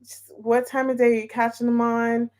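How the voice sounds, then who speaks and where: A woman's voice: a little high, completely flat delivery, moderate pace, darkish tone. A young woman reading tarot and chatting casually with her viewers in a bubbly, laughing way. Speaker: tarot reader. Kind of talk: casual live-stream chat.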